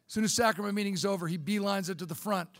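Man, middle-aged, folksy storyteller, gravelly, high-ish voice. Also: rapid-fire, fairly bright tone, no echo. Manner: folksy, conversational. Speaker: speaker, former bishop. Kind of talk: storytelling talk.

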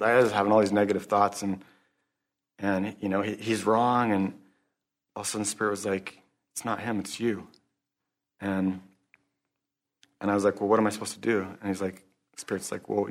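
A man giving an earnest, halting personal testimony at a recovery meeting, closing in prayer. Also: lowish voice. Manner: halting, earnest, restarts often; religious, closes in prayer. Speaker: speaker sharing at a recovery meeting.

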